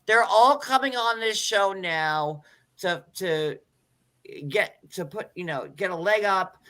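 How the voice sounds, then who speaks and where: A woman in casual chat, ranting and swearing in an animated way. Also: medium pitch, slow pace.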